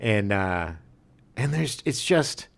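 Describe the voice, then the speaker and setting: A man's voice: on the low side, takes it slowly, gravelly. A middle-aged man co-hosting a podcast, chatting casually about films and acting out scenes as he retells them. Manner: animated storyteller, acts out movie scenes. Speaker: podcast co-host. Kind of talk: casual chat.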